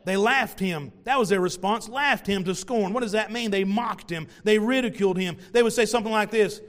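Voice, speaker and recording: A man preaching a sermon to his congregation, animated, acting out little voices of the people in the story. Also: high-pitched, normal speed. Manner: animated, plays out voices of mockers and parents. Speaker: pastor.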